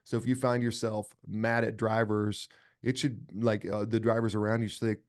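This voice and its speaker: A middle-aged man with a lowish voice talks as a podcast guest. He speaks earnestly and with emphasis, circling back and restarting his phrases as he thinks aloud. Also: little pitch movement, normal speed, a little mellow. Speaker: podcast guest, company cofounder. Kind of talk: casual conversational interview.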